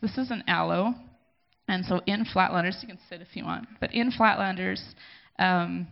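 A woman from a church community, giving a halting, heartfelt thank-you speech at a gathering and pausing to gather herself. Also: lowish voice, vocal fry. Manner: emotional, halting, speaking with pauses to gather herself. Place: gathering in a room. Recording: dull lo-fi recording.

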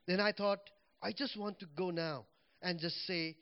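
Male preacher, high voice, animated testimony style, dull muffled audio. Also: normal speed, clear, resonant tone. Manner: animated storytelling, voice swinging up and down as he relives moments. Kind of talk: personal testimony in church.

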